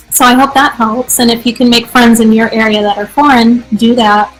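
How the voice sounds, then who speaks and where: A woman's voice: fairly high pitch, fairly even intonation, unhurried, faint music behind, poor audio. A woman teacher hosting a live question-and-answer stream, chatty, upbeat and reassuring. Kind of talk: live casual Q&A.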